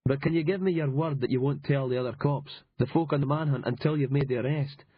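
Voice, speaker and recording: Brief: man playing an evasive Glasgow-accented anonymous caller, husky, audiobook. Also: mid-range voice, quick pace, muffled recording, close to an everyday voice. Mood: cagey. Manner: evasive, hesitant. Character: cagey anonymous male caller, young-ish man.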